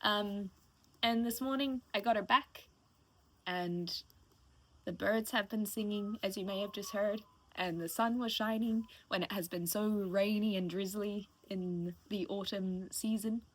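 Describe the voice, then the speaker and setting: A woman's voice: mid-range voice, steady tone, a little slow, fairly bright tone. A woman in her late twenties talking casually and emotionally to her stream viewers, rambling and thankful. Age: late 20s. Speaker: live streamer. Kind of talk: casual heartfelt stream chat.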